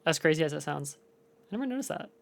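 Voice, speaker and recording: A laid-back woman co-streamer talking casually to chat, full of "dude" and "like". Her voice sits very low for a woman. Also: expressive, fast, gravelly.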